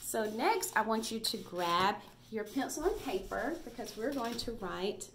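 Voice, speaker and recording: Teacher lady doing a reading lesson for little kids, takes it real slow, lots of "very good". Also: on the high side, expressive, slight background noise. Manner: patient, praising, spells out letters slowly. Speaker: first grade teacher. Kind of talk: recorded reading lesson for young children.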